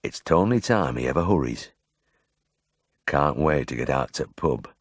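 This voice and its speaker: A man putting on a sour, grumbling old farmer, blunt and quick to swear. The voice sits low and gruff but swings widely. It is recorded close and dry, with no room sound. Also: expressive, no room sound. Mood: grim muttering. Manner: blunt, bad-tempered, swearing.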